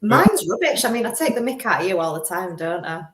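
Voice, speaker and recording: A woman guest on a chat show talking about ghost hunting, lively and quick to laugh. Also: medium pitch, reverberant, noisy background. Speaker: paranormal investigator guest. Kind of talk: casual chat.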